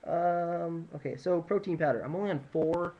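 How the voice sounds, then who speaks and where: A man's voice: fairly high pitch, normal speed, muffled recording. Rambling man talking nutrition stats. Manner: rambling, many fillers and restarts, self-deprecating asides. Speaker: nutrition presenter. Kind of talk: casual informal lecture. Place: home room at sunrise.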